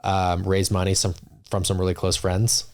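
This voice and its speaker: Deep gravelly man, earnest and reflective. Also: monotone, normal speed. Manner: earnest, reflective, many restarts and "you know". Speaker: podcast guest. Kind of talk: casual interview talk.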